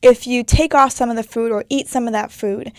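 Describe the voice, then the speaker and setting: Young woman hyping you up on her podcast, emphatic and sweary, kinda high voice, dry mic. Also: fairly even intonation, fairly quick, no room sound. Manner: emphatic, swears freely, pep-talk delivery. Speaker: podcast host. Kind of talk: solo motivational podcast talk.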